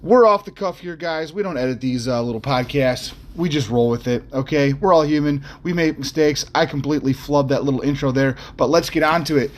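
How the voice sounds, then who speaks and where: A man's voice: a little high, brisk, hardly any pauses. A man hosting an unscripted podcast who rambles bluntly, with lots of fillers and restarts, and throws in mild profanity and jokes. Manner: mildly profane, jokey asides. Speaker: podcast host.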